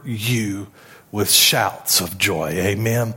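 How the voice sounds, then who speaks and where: Guy pastor preaching slow and emphatic, call and response with the church. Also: mid-range voice. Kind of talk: sermon.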